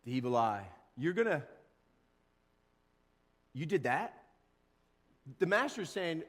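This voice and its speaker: A man preaching a sermon as pastor, animated, acting out short voices and quotes. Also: a little high, moderate pace, long pauses, husky, big-room sound. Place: church sanctuary.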